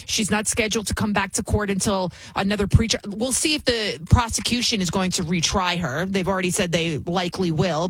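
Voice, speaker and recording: A woman's voice: medium pitch, breathy edge, dry recording. A woman hosting her own commentary show, speaking with indignant emphasis and repeating phrases for effect. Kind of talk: opinionated commentary.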